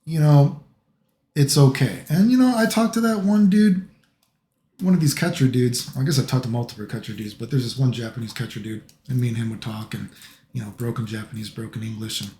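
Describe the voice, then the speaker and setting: A man's voice: mid-range voice, brisk, mellow, roomy sound, a little hiss or hum. A middle-aged man from the United States, talking in a casual, rambling monologue full of filler phrases. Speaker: vlogger.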